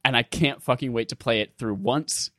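A man hosting a casual gaming podcast, recounting a game in an animated, profane, laugh-filled way. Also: medium pitch, moderate pace, dry recording, clean studio sound. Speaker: podcast host.

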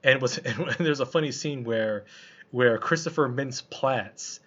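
Husky-voiced man casually reviewing a film. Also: medium pitch, a little slow, a bit bright. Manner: loose and colloquial, lots of restarts and fillers. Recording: slightly muffled lo-fi recording.

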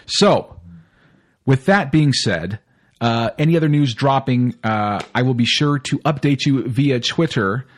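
A man's voice: medium pitch, animated, unhurried. Enthusiastic podcast host, man. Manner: enthusiastic, rambling, self-correcting. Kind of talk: casual podcast monologue.

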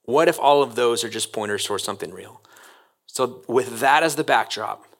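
A man preaching a sermon at a middle pitch. He moves between his own plain talk and reading quoted passages aloud to the congregation. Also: normal speed. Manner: reads passages aloud, then acts out excited children's voices. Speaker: pastor.

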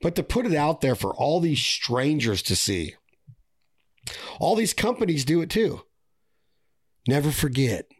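A man's voice: a little high, no echo, clean studio sound. A man hosting a casual podcast conversation. He speaks bluntly and with feeling, and throws in mild swearing. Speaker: podcast host.

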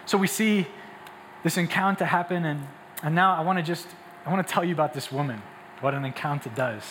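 High-voiced young man preaching in a hall. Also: brisk, fairly bright tone, a little hiss or hum. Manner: conversational preaching, rising to emphatic peaks. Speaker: pastor. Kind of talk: sermon.

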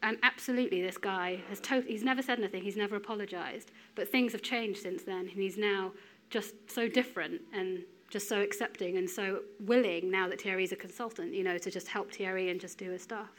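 A woman in her thirties giving a sermon in a conversational, storytelling way with lively asides. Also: medium pitch, a little fast. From United Kingdom. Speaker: preacher.

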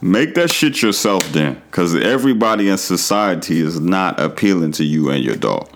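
Male podcast host with a low voice, profane and animated comic storyteller. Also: moderate pace, slight background noise. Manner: animated, profane, swings into high exclamations. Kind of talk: comedic storytelling monologue.

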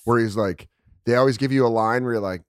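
A man's voice: medium pitch, fast, clean tone, no room sound, clean studio sound. A man hosting a comedy podcast, talking crudely and acting out quotes in silly voices. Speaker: podcast host. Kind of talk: casual comedy chat.

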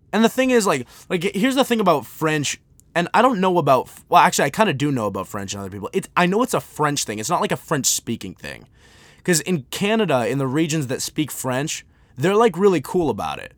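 An American man hosts a podcast with a sarcastic, off-the-cuff rant that keeps tripping over its own restarts. His pitch leaps all over the place as he gets worked up. The sound is dry and close. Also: a little fast, no room sound. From United States. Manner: animated, sarcastic, rambling with restarts. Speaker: podcast host. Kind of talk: unscripted comedic rant.

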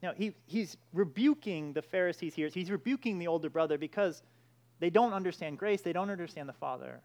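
A man's voice: sits high, lively intonation, fairly quick, darkish tone. A man preaching a sermon, emphatic, with frequent restarts and repeated "all right".

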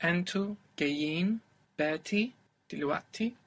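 A male language student answering drills with short phrases. His voice sits a bit high and sounds bright and husky, and he speaks very quickly.

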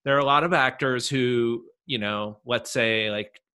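A man's voice: mid-range voice, fairly even intonation, a little slow, bright, forceful tone, clean tone. A man hosting a podcast, asking questions in a chatty, informal way that rambles. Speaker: podcast host. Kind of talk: casual interview chat.

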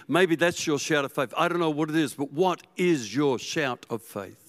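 A man preaching a sermon as pastor, telling the story with animation and swinging from loud to hushed. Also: on the high side, moderate pace, hardly any pauses.

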